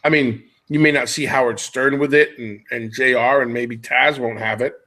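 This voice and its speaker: A man's voice: medium pitch, fairly even intonation, normal speed, sharp tone. A middle-aged man hosting a podcast, chatting casually and jokily as he wanders off on tangents. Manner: rambling, jokey, jumps between tangents. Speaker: podcast host.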